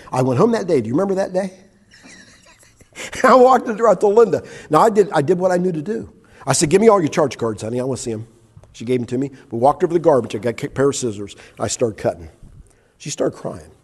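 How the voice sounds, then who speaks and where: Telling his story at church, an older man recounts his testimony, acts out the conversations and laughs at himself. The voice is husky and mid-range, with a darkish tone.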